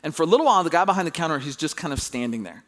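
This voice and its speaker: A man preaching a sermon as pastor, telling a story with animated, rising emphasis when excited. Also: fairly high pitch, racing.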